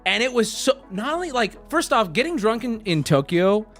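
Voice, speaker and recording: A man streaming to his chat, telling a travel story in a lively way and jumping into squeaky put-on voices for the people he quotes. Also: normal speed, faint music behind. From United States. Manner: lively, swings into high squeaky voices when quoting people.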